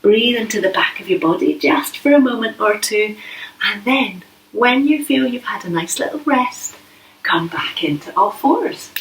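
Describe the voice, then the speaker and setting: A woman leading a yoga class for children, speaking gently and playfully with coaxing questions. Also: mid-range voice, lively intonation, unhurried, slight background noise. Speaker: yoga teacher. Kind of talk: guided kids' yoga class. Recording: echoey room, voice from a distance.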